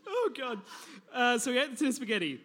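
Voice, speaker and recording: A man with a raised, bright voice tells a story in relaxed chat. He is amused, laughing along as his friend interrupts. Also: very high-pitched, fast, in a large hall. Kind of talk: casual chat, telling a story.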